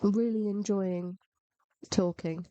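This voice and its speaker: A woman's voice: mid-range voice, steady tone, slow pace, mellow, smooth, dry recording, dull audio. A woman narrates her gameplay in a dry, close recording, her voice sitting in an ordinary middle register. She is under the weather with a cold, and she rambles along, poking fun at herself as she plays. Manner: self-mocking and rambling. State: unwell with a cold. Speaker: gaming video narrator. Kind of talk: casual gameplay commentary.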